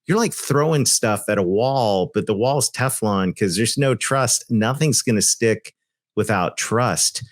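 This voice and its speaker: Earnest low-voiced male podcast host. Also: measured pace, dry recording, clean studio sound. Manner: earnest, emphatic, loose with "you know" asides. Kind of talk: conversational podcast discussion.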